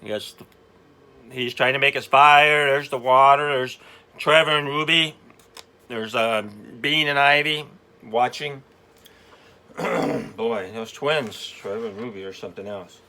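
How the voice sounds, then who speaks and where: A man's voice: medium pitch, measured pace, bright, forceful tone. A man reading a children's storybook aloud as host, with chatty asides about the pictures.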